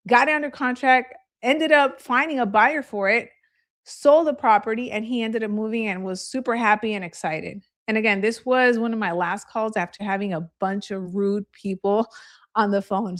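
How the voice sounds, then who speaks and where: A woman real estate agent giving a live training, telling candid stories in a chatty way and laughing easily. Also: a little high.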